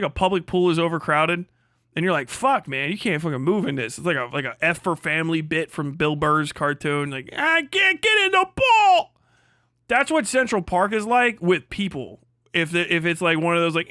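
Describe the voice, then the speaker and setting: A man's voice: a little high, bright, forceful tone, dry recording, studio quality. A young man hosting a livestream, ranting crudely and sarcastically, laughing often and answering chat. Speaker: livestream host. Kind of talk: profane ranting stream chat.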